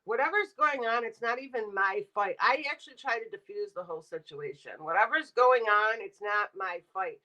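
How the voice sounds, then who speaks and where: A woman's voice: medium pitch, expressive, moderate pace, hardly any pauses, bright, forceful tone, low-quality recording. A middle-aged woman streaming live, ranting bluntly and sarcastically while talking to her chat. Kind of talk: casual livestream rant.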